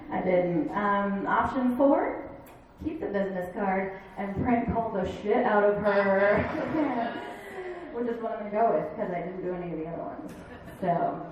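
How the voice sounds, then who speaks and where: A woman's voice: medium pitch, a little hiss or hum. Chatty woman comic in an echoey bar. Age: 30s. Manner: chatty, animated storytelling with quick voiced impressions. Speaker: stand-up comedian. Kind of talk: stand-up comedy set. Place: bar stage. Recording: echoey bar room from far off.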